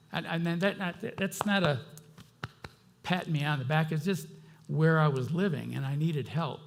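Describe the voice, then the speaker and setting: A middle-aged man preaching a sermon as pastor, conversational and impassioned, swinging between loud outbursts and quiet asides. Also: fairly high pitch.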